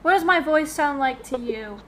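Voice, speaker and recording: A woman co-hosting a casual podcast chat over a call, talking loudly into her desk microphone in an animated way. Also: high-pitched, moderate pace. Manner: loud, near-yelling into the mic, animated. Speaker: podcast co-host. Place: home.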